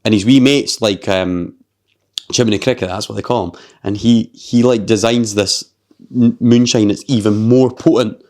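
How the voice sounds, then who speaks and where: Animated Scottish man telling a story. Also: lowish voice, normal speed. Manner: animated storyteller, swears freely, heavy use of "like". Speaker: podcast host. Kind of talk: casual chat.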